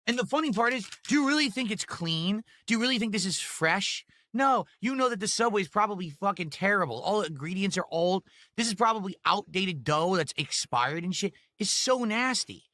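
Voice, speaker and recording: High, bright-voiced man ranting. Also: animated, moderate pace, hardly any pauses, no echo. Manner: indignant, ranting, repeats himself. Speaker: food review vlogger. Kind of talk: angry food review rant. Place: home desk.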